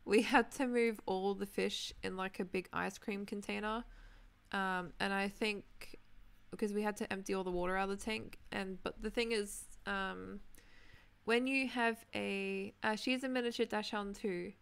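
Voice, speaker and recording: A young woman chatting casually while streaming a building game, reading chat names and clearing her throat, her voice tired from talking. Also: mid-range voice, steady tone, normal speed, fairly bright tone. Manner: chatty, reads out chat names, many ums. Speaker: Minecraft livestreamer.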